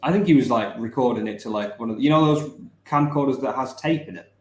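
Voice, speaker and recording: A man's voice: medium pitch, fast, darkish tone. A man co-hosting a casual live chat show, telling rambling stories and correcting himself mid-sentence. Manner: rambling anecdotes with self-corrections. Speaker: podcast co-host. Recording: roomy echoey room.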